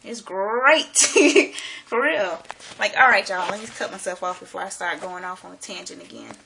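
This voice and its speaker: A woman talking to her camera in a casual vlog monologue, excited and rambling, slangy and swearing freely. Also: on the low side, normal speed, gravelly, a crowd in the background. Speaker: vlogger.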